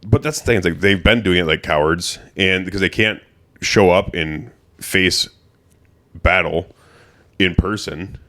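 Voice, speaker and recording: A man with a very low, deep voice co-hosts a podcast. He talks emphatically and swears freely in a casual chat. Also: measured pace, pushed and bright. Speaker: podcast co-host.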